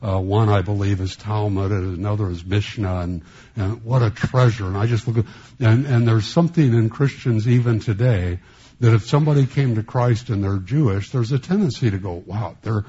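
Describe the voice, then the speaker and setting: Male pastor, sermon delivery, lowish voice, halting with frequent restarts, muffled lo-fi recording. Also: mellow, husky. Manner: halting, with many restarts and a sarcastic streak.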